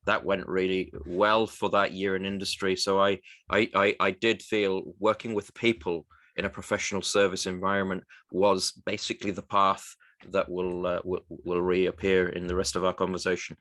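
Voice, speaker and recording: Low-voiced man, halting and reflective. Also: little pitch movement, a bit bright, dry recording. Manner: halting, reflective, restarts often. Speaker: guest, recruitment firm co-founder. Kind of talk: radio interview, personal story.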